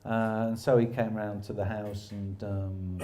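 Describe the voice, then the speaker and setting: A man's voice: on the low side, little pitch movement, unhurried, mellow. A man telling rambling, self-deprecating stories in casual chat, laughing often.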